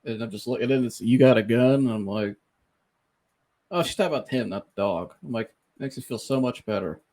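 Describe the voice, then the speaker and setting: A man hosting a podcast, telling a funny story in a casual, animated way, laughing often and mimicking the people he quotes. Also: lowish voice, a little fast. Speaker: podcast host.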